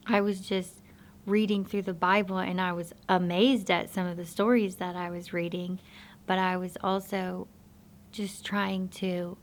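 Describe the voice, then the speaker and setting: Slow, even-toned woman sharing testimony. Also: mid-range voice. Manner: soft-spoken, halting, reflective. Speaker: person sharing her testimony. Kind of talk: personal faith testimony.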